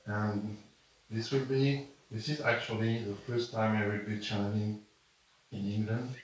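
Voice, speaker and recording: French guy talking real slow to a crowd, lots of pauses, far off in a super echoey room. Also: on the low side, steady tone, slight background noise. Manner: slow, halting, with many pauses and restarts. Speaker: spiritual channeler. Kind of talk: speech to an audience. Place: room with an audience. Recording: distant, echoey room sound.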